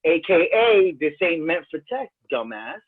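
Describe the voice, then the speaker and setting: A man's voice: fairly high pitch, sing-song, measured pace. A man with a New York accent, co-hosting a casual podcast, talking emphatically and swearing a lot. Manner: profane, emphatic, argues with force. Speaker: podcast co-host. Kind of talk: casual chat. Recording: tinny phone-like line.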